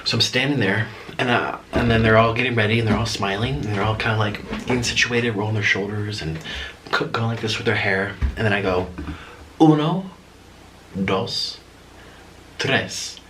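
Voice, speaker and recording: A man's voice: lowish voice, fairly even intonation, fairly quick, sharp tone, slight background noise, poor audio. A man telling a story in a casual vlog while eating noodles at home at night. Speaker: vlogger.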